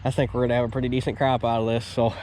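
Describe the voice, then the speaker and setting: A man's voice: medium pitch, flat delivery, rapid-fire, a little mellow. Man, nasal stuffy voice, casual farm vlog, rambling and upbeat, outdoors, faint background hiss. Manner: rambling, upbeat, restarts often. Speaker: farm vlogger. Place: outdoors by a wheat field.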